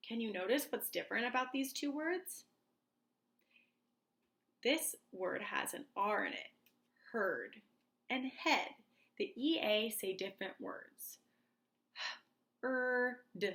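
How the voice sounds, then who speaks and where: Slow, bright-voiced woman teaching early readers. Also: a little high, big pitch swings. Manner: slow, clear and encouraging, like a teacher to small kids. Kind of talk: reading lesson for young children.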